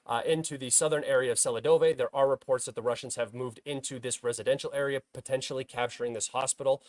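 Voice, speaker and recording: A young man talks casually through a map on his livestream, pitch sitting mid-range for a man. He fills his sentences with uh and um and restarts often. The sound is dry and close, with no room around it. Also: fairly even intonation, fast talker, no room sound. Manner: filler-heavy, many uh and um restarts; bursts into loud frustrated shouting at himself. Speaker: host of a military map analysis stream.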